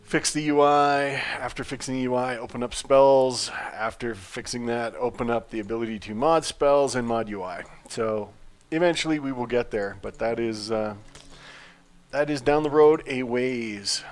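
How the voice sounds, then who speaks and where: A developer man co-hosts a relaxed gaming livestream, answering audience questions between dry jabs at his partner. His voice is an ordinary mid pitch, and he delivers his humor flatly and wryly. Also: moderate pace. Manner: dry, wry teasing. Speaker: game developer and co-host. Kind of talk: casual gaming livestream chat.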